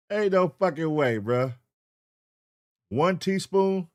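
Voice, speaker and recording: High-voiced man hosting a profane livestream. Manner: profane, animated, calling out chat names in a rhythmic roll call. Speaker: livestream reaction host. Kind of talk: casual livestream chat. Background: hip hop music.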